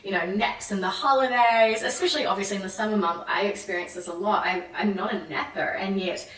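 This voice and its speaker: Animated New Zealand woman vlogging. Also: medium pitch, brisk. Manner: animated, acts out quoted French voices. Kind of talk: casual chatty vlog. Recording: echoey room, mic at a distance.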